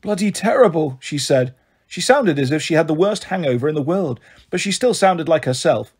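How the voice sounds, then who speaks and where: A man reading a children's novel aloud with steady first-person narration. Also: fairly high pitch, moderate pace, breathy edge. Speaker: storyteller.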